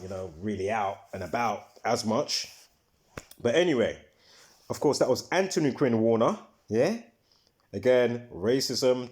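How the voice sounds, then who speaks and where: A man's voice: mid-range voice, darkish tone. A man hosting a casual livestream, talking in a rambling, emphatic way and breaking off mid-thought to recall details. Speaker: livestream host.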